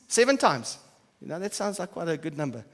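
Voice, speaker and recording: A man preaching a sermon as pastor, swinging between loud emphatic stretches and quiet, soft asides. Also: on the high side, lively intonation, rapid-fire, vocal fry. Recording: church hall with long reverb.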